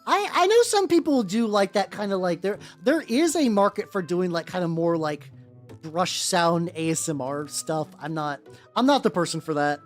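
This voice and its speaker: Animated, swearing streamer rambling while painting. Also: medium pitch. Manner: rambling and profane, many fillers and restarts. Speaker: VTuber streamer painting miniatures. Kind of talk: casual live-stream chat while working. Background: faint background music.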